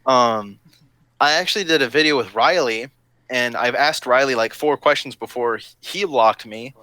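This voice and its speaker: A man's voice: medium pitch, normal speed, bright, forceful tone, clear, resonant tone, no room sound. A man hosting a live stream chat, talking in a rambling, digressive, cheerfully provocative way. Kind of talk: casual chat.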